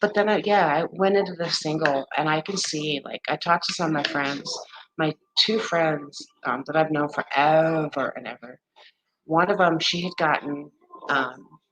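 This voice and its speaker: A woman in her forties or fifties chatting casually on a livestream, candid and blunt, swearing freely, talking straight to her viewers and acting out friends in high, exaggerated voices. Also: fairly bright tone, low-quality recording. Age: 40s to 50s. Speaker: livestream host.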